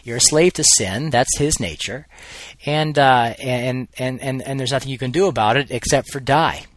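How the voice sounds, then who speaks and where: A man's voice: medium pitch, normal speed, no echo. A man giving informal Bible teaching in a conversational way, thinking aloud and often restarting his sentences.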